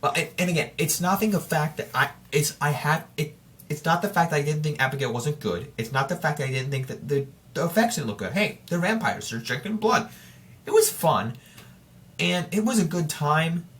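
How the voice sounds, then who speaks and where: The solo podcaster sounds animated and fairly bright, with a high-side voice at a moderate pace. He's informal and talkative, addressing listeners head-on while meandering, backtracking and correcting himself.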